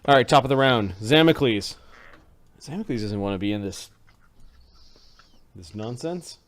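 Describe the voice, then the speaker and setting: A man's voice: mid-range voice, lively intonation, a little slow. A man narrating a tabletop game as game master, talking animatedly with frequent restarts.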